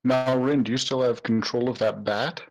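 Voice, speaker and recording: A man's voice: medium pitch, steady tone, normal speed, soft background music, rough recording. A man playing a tabletop game, speaking casually and with some hesitation. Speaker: player.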